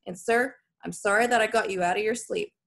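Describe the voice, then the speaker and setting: A woman's voice: mid-range voice, brisk, fairly bright tone, natural voice. A woman voicing a scared young boy who apologizes in an earnest, pleading way, read as an audiobook character.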